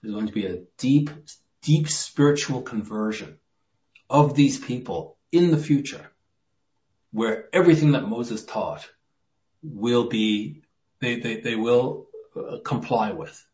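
A man preaching a verse-by-verse Bible sermon, earnest, dropping into a hush when he quotes scripture. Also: mid-range voice, lively intonation, takes it slowly. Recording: muffled lo-fi sermon recording.

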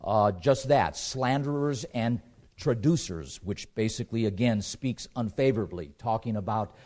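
A man preaching a sermon in an emphatic way, repeating phrases for stress and pausing on fillers between points. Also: fairly low pitch, darkish tone.

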